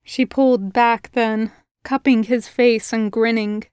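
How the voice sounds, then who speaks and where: A woman narrating a fan fiction audiobook in a measured, expressive reading. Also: on the high side, smooth, no echo, studio quality. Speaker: podfic reader.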